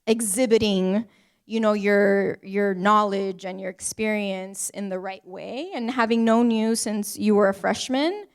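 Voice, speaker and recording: A woman in her forties talking casually on a panel, full of "like" fillers and quick laughs. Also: medium pitch, steady tone, smooth. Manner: chatty, many "like" fillers, laughs between points.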